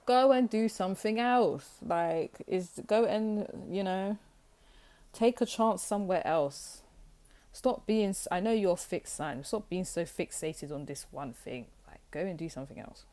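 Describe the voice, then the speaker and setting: A woman's voice: medium pitch, measured pace, mellow. A young woman giving a casual tarot reading to camera, blunt and teasing, with lots of filler words. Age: young adult. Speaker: tarot reader.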